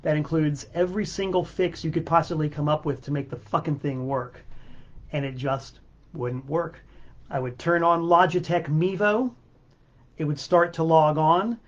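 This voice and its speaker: A man's voice: fairly high pitch, moderate pace, dull audio. A man hosting his own music livestream from a home studio, ranting with exasperated, sarcastic swearing. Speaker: host of a music livestream show. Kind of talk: livestream rant. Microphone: webcam mic.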